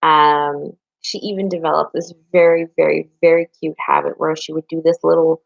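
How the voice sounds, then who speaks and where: A woman's voice: deep voice, flat delivery, normal speed, gravelly, no room sound, muffled recording. A young adult woman and parent giving frank, chatty advice straight to her viewers. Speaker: vlogger and parent. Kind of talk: casual chat to camera.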